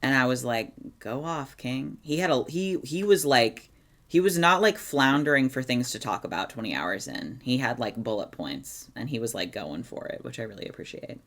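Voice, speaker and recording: A woman's voice: extremely low pitch, animated, normal speed. A woman chatting casually on a live stream, reading chat aloud and giving organizing tips with sarcastic asides. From Oregon, USA.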